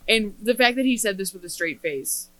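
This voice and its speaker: A woman co-hosting a podcast in casual chat, sarcastic and expressive. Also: mid-range voice, moderate pace, rough recording. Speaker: podcast co-host.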